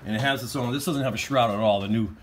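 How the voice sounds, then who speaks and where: A man hosting casual chat in a garage while working on a truck, animated and joking, laughing often. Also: medium pitch, quick pace, slight background noise. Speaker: host. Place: home garage.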